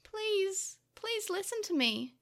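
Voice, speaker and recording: A woman reading as a tiny loyal storybook creature, very high and bright, crying out in frantic desperation. his shrill pleading squeaks with a baby-like urgency. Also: animated, moderate pace, full character voice.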